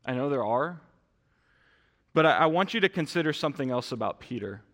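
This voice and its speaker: A man's voice: medium pitch, animated, brisk, fairly bright tone, in a large hall. A man preaching a sermon in a church, talking earnestly to the congregation and often restarting his sentences. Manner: earnest, direct address with frequent restarts. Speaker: pastor. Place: church sanctuary.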